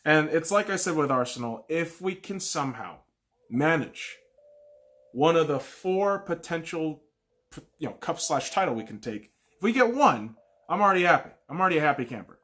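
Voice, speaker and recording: A man hosting a casual solo football podcast, excitable and profane, swinging from loud bursts to quiet mumbles. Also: fairly high pitch, normal speed. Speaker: podcast host.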